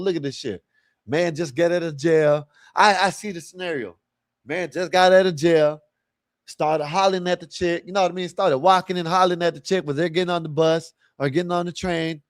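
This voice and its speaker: A man's voice: fairly high pitch, dry recording, studio quality. A man hosting a livestream, giving blunt, profane commentary on a video clip and asking rhetorical questions. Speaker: livestream host reacting to a clip. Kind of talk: casual live commentary.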